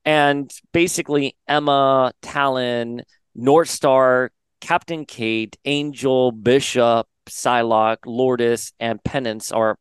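A man's voice: mid-range voice, steady tone, slow, clean tone, no echo. A man hosting a podcast, casually recapping a comic story and paraphrasing the characters' lines in a chatty way. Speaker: podcast host.

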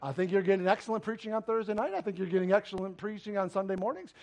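A man's voice: high voice, fairly even intonation, racing, a little mellow. A man preaching a sermon as pastor, emphatic and full of direct questions to the congregation. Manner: emphatic, preaching with rising and falling intensity.

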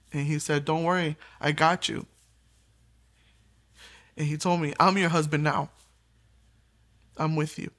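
A woman's voice: deep voice, fairly bright tone. A young adult woman telling her personal faith testimony in an earnest storytelling way, acting out the lines of the people in her story. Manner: earnest, storytelling, quoting others, brief laughs. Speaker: testimony giver.

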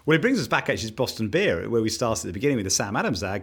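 A man's voice: on the low side, sing-song, racing, husky. A man with a British accent, a guest in a casual conversation, talking in a chatty, rambling way.

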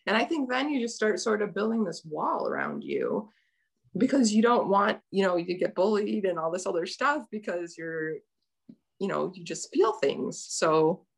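A woman's voice: medium pitch, very animated, normal speed, creaky, slightly rough. A middle-aged woman telling a personal story as a guest, earnest and rambling, with many restarts.

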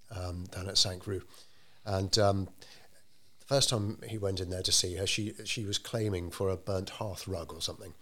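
A man telling a story in an interview, measured and unhurried, with frequent ums and restarts. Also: sits low, bright, forceful tone. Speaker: interviewee telling local history. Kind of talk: conversational storytelling.

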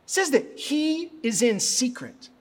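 A middle-aged man, a pastor, preaching a sermon and telling a story, rising to loud, fervent prayer. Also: very high voice, sing-song, unhurried.

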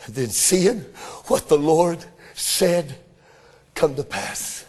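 A man preaching a sermon with fervent delivery that swells into shouts. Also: fairly high pitch, expressive, takes it slowly, breathy edge.

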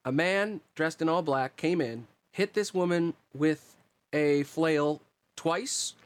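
A man running a tabletop game as game master, describing scenes in a relaxed, rambling way. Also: fairly high pitch, takes it slowly, clean tone.

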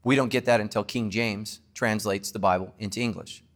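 A man, a pastor, preaching an emphatic sermon to his congregation and closing with a quiet prayer. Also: lowish voice, fairly even intonation, brisk.

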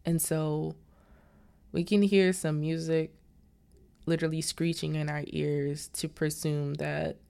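Low, slow-talking woman recapping a film. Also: vocal fry, clean tone. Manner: animated retelling with quoted dialogue. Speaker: movie recap host. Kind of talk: casual movie recap.

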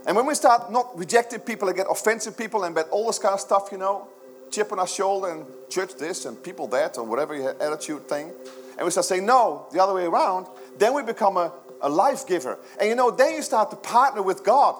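A man's voice: sits high, animated, a little fast, a little hiss or hum. A middle-aged man preaching a sermon to his church, earnest and conversational, with many rhetorical questions. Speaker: pastor.

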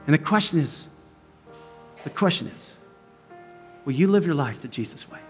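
A middle-aged male pastor preaches in an earnest, chatty way, drifting into stories and asides as he goes. His voice sits high for a man. It rings out with a long hall echo, with faint music beneath. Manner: conversational and earnest, storytelling with asides. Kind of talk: sermon.

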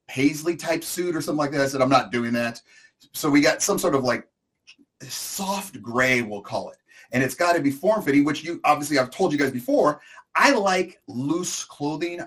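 A middle-aged man spins a rambling, exaggerated comic story in a relaxed co-host chat. He talks at an ordinary pitch, loose and conversational, piling on asides and overstatements.

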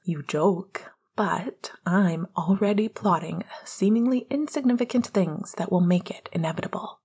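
A woman voicing a playful man flirting while he cooks, in a soft, hushed delivery in an audiobook reading. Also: sits high, measured pace, breathy edge, exaggerated voice. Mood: teasing. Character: teasing flirtatious man cooking.

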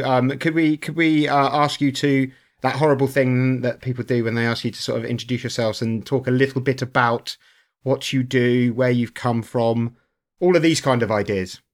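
A male podcast co-host in easy, casual conversation. He is playful and chatty, and his talk is dotted with hesitant fillers as he steers the chat toward the guest. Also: mid-range voice.

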